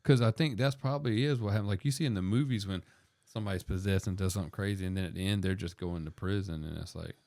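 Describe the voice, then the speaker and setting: A man's voice: low voice, fast talker, a little mellow, no echo, clean studio sound. A man on a podcast casually retelling a movie in a loose, rambling way. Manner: rambling, loose storytelling full of fillers. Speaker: podcast co-host.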